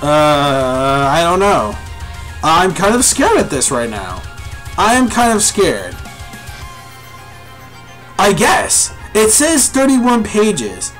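A young man reviewing a manga live, reading along and reacting to viewers with excitable, profane chatter. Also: on the high side, slow, long pauses, soft background music.

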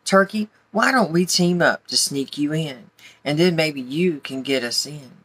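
A woman reading aloud plays a grunting, scheming farm pig from a picture book. The voice is bright and the delivery slow. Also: low-pitched, husky, exaggerated voice.

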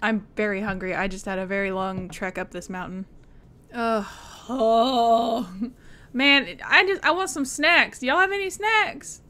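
Young woman streamer, light twang, bright and higher voice, giggly chatter to the game. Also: unhurried. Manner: chatty and giggly, talks to the game characters and chat. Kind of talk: casual gameplay commentary.

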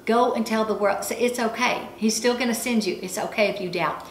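A woman ministry speaker and show host giving an animated sermon-style testimony, telling her story with frequent laughs. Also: a little high, fairly quick. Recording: echoey room with faint ambient noise.

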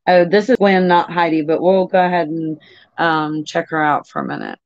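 A woman's voice: on the low side, steady tone, moderate pace, no room sound. A woman hosting a casual livestream chat, talking with viewers and easily sidetracked. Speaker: livestream host. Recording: dull lo-fi audio.

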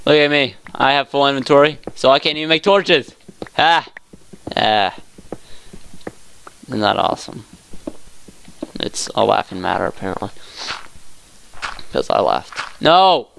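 A young man casually commenting on his own gameplay, talking to himself and his viewers, saying y'all a lot, with excited outbursts. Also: medium pitch, a little slow, creaky, pauses often, a little hiss or hum. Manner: says y'all often. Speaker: let's play gamer.

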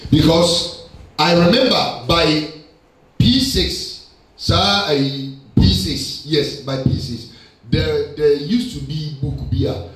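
Heard from a distance in a reverberant church hall, a pastor with a Ghanaian accent preaches slowly in a slightly high voice. His animated sermon moves back and forth between English and Twi.

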